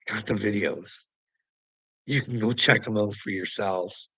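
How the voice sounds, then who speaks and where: A man's voice: fairly low pitch, fairly even intonation, unhurried, bright, forceful tone, husky, no echo, poor audio. A man from Canada, ranting profanely at his viewers about politics and laughing between points. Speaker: vlogger. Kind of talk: angry political rant to viewers.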